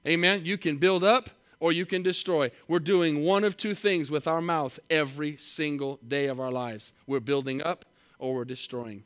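A man preaching a sermon, reading scripture slowly and with emphasis, then telling a story in a conversational way. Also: on the high side, a bit bright, clear, resonant tone. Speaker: pastor.

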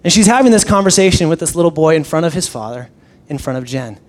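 A pastor telling a story in a slightly high voice. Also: male voice, fast. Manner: animated storyteller with frequent restarts. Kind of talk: conversational sermon storytelling.

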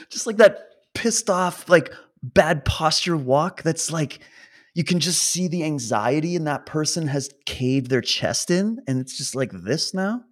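Man in an animated, laughing rant. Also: on the high side, a little slow. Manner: animated, laughs often, shifts between mocking and solemn. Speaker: protest supporter addressing viewers. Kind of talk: impassioned monologue.

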